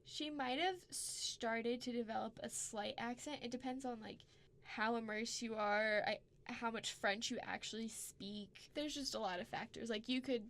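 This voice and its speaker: A woman's voice: on the high side, normal speed, a bit bright. A woman co-hosting a podcast, chatting casually in a rambling way full of "like" and casual swearing. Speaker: podcast co-host. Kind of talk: casual chat.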